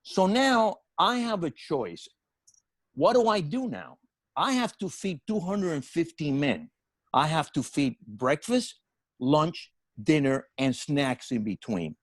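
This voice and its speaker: Older man, comedian, storytelling, profane, animated, restarts, fairly high voice. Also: takes it slowly, dry recording. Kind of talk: comic storytelling.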